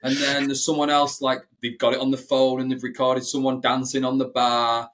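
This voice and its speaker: A man in casual podcast chat, relaxed and playful. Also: medium pitch, moderate pace, slight background noise. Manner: relaxed, chatty, playful comparisons. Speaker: podcast co-host.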